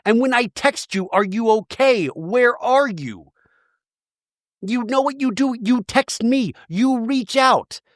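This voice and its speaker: A man's voice: very high-pitched, animated, slow pace, dry recording, studio quality, voice pushed up, heavily acted. A man doing an impression of an exasperated reality TV woman who over-explains herself.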